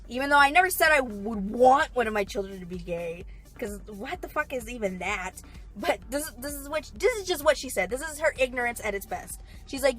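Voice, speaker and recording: A woman's voice: high-pitched, animated, moderate pace, fairly bright tone, faint music behind, rough recording. A young woman telling a storytime vlog, emphatic and swearing as she rants. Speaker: vlogger.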